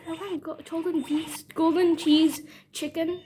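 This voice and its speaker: Over loud music, a young teenage girl with a high voice narrates her game pulls at a measured pace from home. As a gaming video creator, she reacts to each result with excited squealing, begging and groaning.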